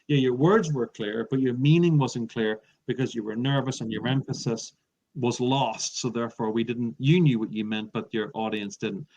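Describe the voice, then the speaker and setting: Speaking at a normal speed with fairly even intonation, a man with a medium-pitched, darkish voice gives feedback as a speaker trainer. He explains his points through emphatic examples in an interview, recorded with dull lo-fi quality.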